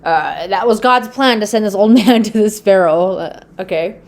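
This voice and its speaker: A woman's voice: medium pitch, moderate pace. Rambling woman retelling a Bible story. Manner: rambling, full of fillers and "okay?". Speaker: Bible video host.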